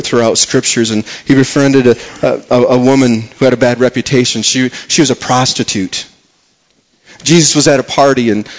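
A male pastor at a mid-range pitch, preaching with passion. He swings from hushed stretches to raised, emphatic calls and often repeats words as he builds his point. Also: rough recording. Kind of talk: sermon.

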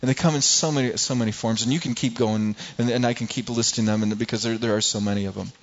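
A middle-aged man delivers a sermon in a conversational way, stumbling over and repeating words as he goes. His voice sits at a mid pitch for a man. The recording is a bit dull and lo-fi. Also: fairly even intonation, fast talker. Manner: conversational preaching, acts out everyday people, frequent repeats. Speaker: pastor.

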